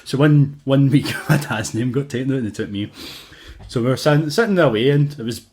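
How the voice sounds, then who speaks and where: A man's voice: medium pitch, brisk, darkish tone. A young Scottish man with a Glasgow accent, co-hosting a casual podcast chat and telling stories with lots of laughter and acted-out quotes. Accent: Glaswegian Scottish. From Scotland. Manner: laughing storyteller, acts out quotes. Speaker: podcast co-host.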